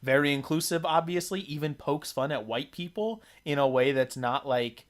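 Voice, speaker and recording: A man's voice: fairly high pitch, normal speed. Rambling man in casual chat. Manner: rambling, many fillers and restarts. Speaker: podcast co-host. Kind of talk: casual chat about video games.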